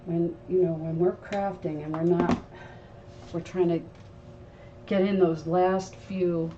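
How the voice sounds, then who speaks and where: Her voice sits on the low side and is picked up far from the mic, giving a dull sound with faint noise. She hosts a live crafting tutorial, talking chattily and instructively to viewers while working at her craft table.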